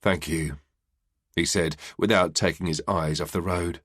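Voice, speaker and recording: A man narrating a crime thriller audiobook in a measured, even way. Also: sits low, no room sound, clean studio sound. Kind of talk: scripted narration.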